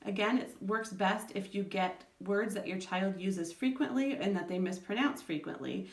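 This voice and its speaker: A mid-pitched woman speaks patiently to parents, breaking words into syllables as she explains. Her voice carries a roomy echo. She sounds a little way off from the microphone. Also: moderate pace, far from the mic. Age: adult parent of school-age children. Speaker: educator giving parenting advice. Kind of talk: instructional talk to parents.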